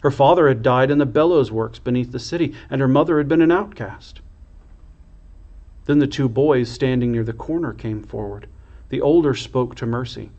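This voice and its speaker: A man, a priest, reading a children's storybook aloud in a slow, expressive way. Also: mid-range voice, dull audio.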